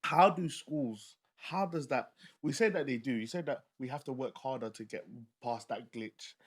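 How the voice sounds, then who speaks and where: A man's voice: mid-range voice, moderate pace, husky. A man hosting a panel discussion, asking probing questions with frequent restarts. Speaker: host.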